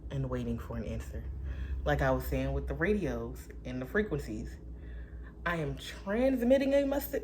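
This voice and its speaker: Animated woman with blunt, profane asides. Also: fairly low pitch, slight background noise. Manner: animated, swinging between loud outbursts and soft whispered asides. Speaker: vlogger. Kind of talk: casual spiritual musing.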